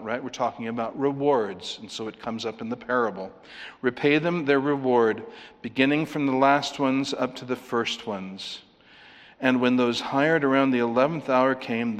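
A male preacher walks his listeners through a Bible passage verse by verse in an ordinary mid-range voice. He stays animated, acting out the characters with quick asides and chuckles. His voice rings with long reverb from a church hall. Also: medium pitch. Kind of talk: expository Bible teaching.

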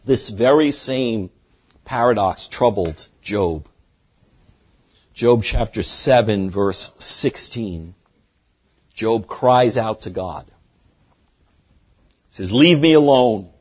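A man preaching an expository sermon as a pastor, earnest, dropping from loud to hushed for emphasis. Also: on the low side, extremely slow, long pauses, husky.

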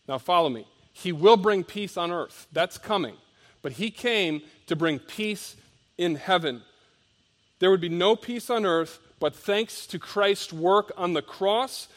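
Male pastor preaching, slightly high voice, reads scripture then explains it with strong emphasis and quiet drops. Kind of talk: sermon.

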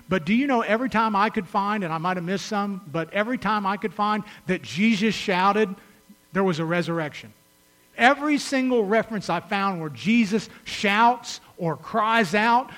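A male pastor delivers a sermon in a notably high voice. He moves between reading scripture, telling stories and calling out to his listeners, and his voice climbs to loud shouts before sinking to hushed, urgent words. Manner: reads scripture aloud and retells stories with voices.

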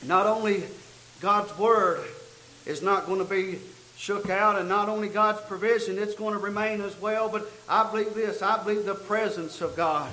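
A man preaching a sermon, telling a story and building to loud, emphatic peaks. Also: sits high, steady tone, normal speed, roomy sound, low-quality recording. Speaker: pastor.

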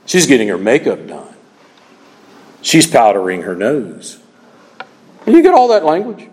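A man preaching a sermon as a pastor, expressive, acting out small everyday scenes as he teaches. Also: mid-range voice, measured pace. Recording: reverberant hall.

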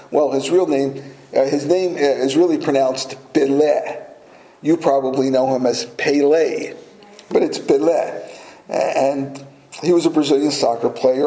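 Pastor, male, a touch high-pitched and mellow, storytelling sermon with light laughs, echoey room. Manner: storytelling, with small laughs and restarts.

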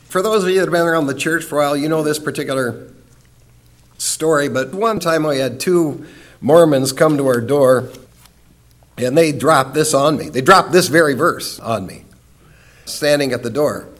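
A man with a high-pitched voice teaches a Bible class. He explains each point emphatically and slows down to lean on key words.

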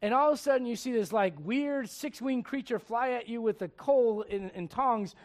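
A man preaching a sermon, acting out bits of dialogue with humor and laughter, swinging from loud punchlines to hushed, earnest points. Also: very high voice, normal speed. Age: adult. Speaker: pastor.

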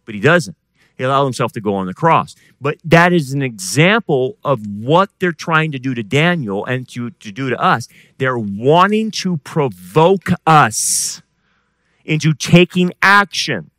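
Animated man preaching a sermon. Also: mid-range voice, a little slow, no room sound. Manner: preaching with swings from loud emphatic to quiet intense. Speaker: pastor.

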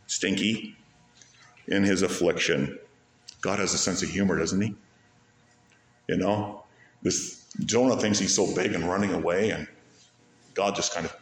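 A man's voice: medium pitch, a little hiss or hum. Man preaching in an echoey sanctuary. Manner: animated preaching, rising emphasis on key words. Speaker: pastor. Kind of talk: sermon.

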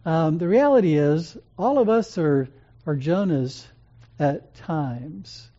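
An earnest preacher with a warm, mellow tone speaks in a gentle, measured way, pausing often. The recording sounds dull and lo-fi. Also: mid-range voice, animated. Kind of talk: sermon.

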